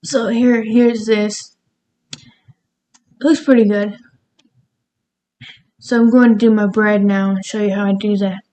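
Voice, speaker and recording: A woman's voice: mid-range voice, fairly even intonation, slow pace, long pauses, mellow, slight background noise, poor audio. A woman cooking in her home kitchen, rambling casually and laughing at herself as she talks through her recipe. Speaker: cooking vlogger. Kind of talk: casual cooking vlog chat.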